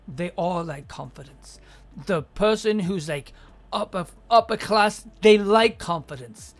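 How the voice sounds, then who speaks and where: A woman hosting an advice show, answering listeners in a blunt, swearing, mocking rant. She keeps slipping into little acted-out scenes with quick mock voices, over faint music. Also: a little high, fairly bright tone.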